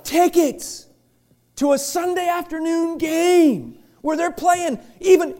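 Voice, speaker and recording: A middle-aged male pastor preaching a sermon, chatty and joking, swinging from quiet asides to loud shouted bursts. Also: very high voice, very animated, a little slow. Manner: chatty, joking storyteller with many restarts.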